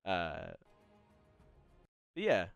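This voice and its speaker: A man's voice: low-pitched, wildly swooping pitch, extremely slow, gravelly, smooth, no echo, muffled recording, faint music behind. A man narrating as game master in a rambling, playful way that often interrupts itself. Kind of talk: running a tabletop game.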